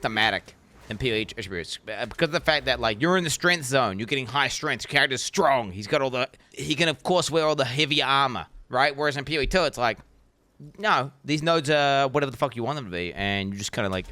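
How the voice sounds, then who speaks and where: A young man streaming a game, chatting casually with lots of swearing and sudden excited yells. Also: mid-range voice, fast, no echo. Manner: profane, rambling, bursts into excited yells. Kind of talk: casual live-stream gaming chat.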